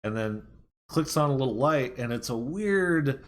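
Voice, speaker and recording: A man's voice: medium pitch, expressive, unhurried. A man giving a casual movie review, retelling the plot in a rambling way with fillers and restarts.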